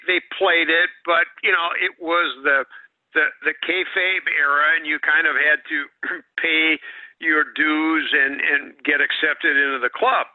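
An older man, a former wrestling announcer, telling rambling stories as a podcast guest and clearing his throat often. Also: a little high, no echo. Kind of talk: anecdotal storytelling. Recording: tinny phone-like line, dry.

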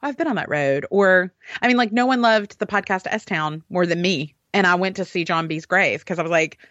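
A woman's voice: lowish voice, normal speed, a bit bright, no room sound, muffled recording. A woman from Alabama, chatting as a podcast guest in an enthusiastic, bubbly way. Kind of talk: casual chat.

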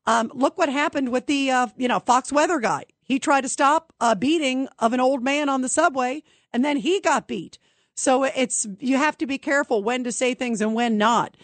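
A woman with a high voice hosts a call-in radio talk show, speaking at a moderate pace in a dry recording. She's conversational, chatting with callers and asking for their views.

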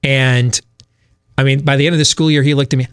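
Rambling, animated male talk host. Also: medium pitch, brisk, clean tone, no echo, studio quality. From Michigan, USA. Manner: rambling, animated storyteller with frequent fillers and laughs. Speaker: radio talk show host. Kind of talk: casual storytelling on a talk show.

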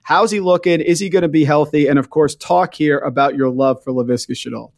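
A man's voice: on the high side, a little fast, vocal fry. A man hosting a fantasy football podcast, asking questions in an upbeat, joking way. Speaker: podcast host. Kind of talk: casual podcast chat.

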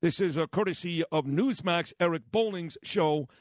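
A man from Brooklyn with a New York accent, hosting a talk radio show with a blunt, brash and animated way of telling stories. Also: fairly high pitch, normal speed, no room sound. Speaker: radio host. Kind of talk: opinionated talk radio monologue.

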